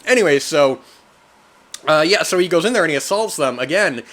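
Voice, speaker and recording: A man hosting a film podcast, reviewing in a loose, rambling casual talk, often tossing in "man" and getting animated when he mimics reactions. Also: on the high side, fairly quick.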